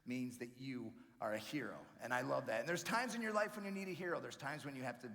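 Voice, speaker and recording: Energetic stand-up man in a big hall. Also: mid-range voice, fast, creaky. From New York. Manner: energetic, chatty, calls the crowd friends and man. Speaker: comedian and keynote speaker. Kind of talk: stand-up comedy at a banquet. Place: large banquet hall. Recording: live hall reverb with faint room noise.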